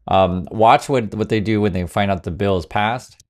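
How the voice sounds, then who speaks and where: A man's voice: on the low side, moderate pace, a little mellow, a little hiss or hum. A man hosting casual political commentary, sarcastic, with many fillers and restarts.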